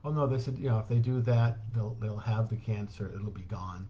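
A man giving a conversational church talk, telling a hospital chaplaincy story in an animated way, chuckling and acting out the voices he quotes. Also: on the low side, moderate pace, muffled recording, a little hiss or hum.

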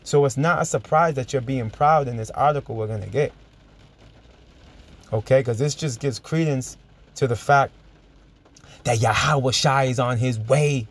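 A man preaching and teaching from scripture, emphatic and chuckling, drawing out verses slowly as he reads. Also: medium pitch. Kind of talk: sermon-style Bible teaching.

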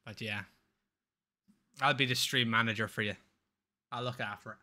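Man, live streamer, casual chatter, laughs a lot, loose swearing, sharp bright tone, middle pitch. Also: steady tone, normal speed. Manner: rambling and swearing, laughs often.

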